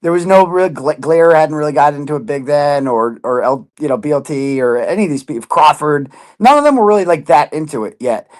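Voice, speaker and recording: A man's voice: fairly high pitch, expressive, fairly quick, hardly any pauses. A man in casual chat, telling a story with lots of swearing and putting on other people's voices. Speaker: podcast guest.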